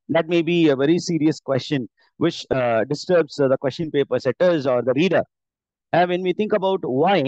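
A man's voice: fairly high pitch, a little mellow, no echo. Indian man teaching an online class. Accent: Indian English. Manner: explains step by step with many filler "uh"s and self-corrections. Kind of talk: live online lecture. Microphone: computer mic on an online class call. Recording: dull, dry online call audio.

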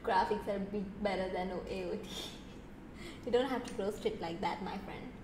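A young woman streaming a game, chatting casually with playful, teasing, excitable exclamations. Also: medium pitch, a little slow, reverberant, background noise. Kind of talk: casual gameplay commentary.

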